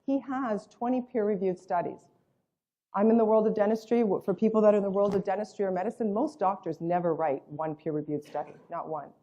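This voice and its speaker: A woman's voice: mid-range voice, steady tone, a little fast, mellow, highs cut off. A woman presenting a network marketing business and its products, speaking emphatically, with repeated superlatives and a storyteller's habit of acting out quotes. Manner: acts out quoted voices in storytelling. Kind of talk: sales presentation.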